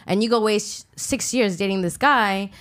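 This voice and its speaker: A woman's voice: mid-range voice, moderate pace, fairly bright tone. A young woman on a podcast, sharing thoughtful advice and laughing easily. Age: young adult. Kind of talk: casual podcast chat.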